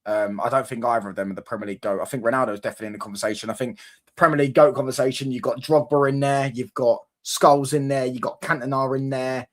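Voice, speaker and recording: A young man with a London accent, chatting excitedly about football with his stream viewers. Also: mid-range voice. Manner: excitable banter, quick bursts of emphasis. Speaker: livestream host. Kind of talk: casual football chat with viewers.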